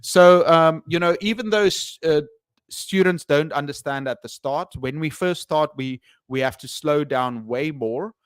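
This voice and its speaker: Chatty man with a smooth voice. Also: a little high, unhurried, dry recording, clean studio sound. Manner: chatty, hesitant with many fillers and restarts. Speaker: English teacher. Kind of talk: casual live stream chat.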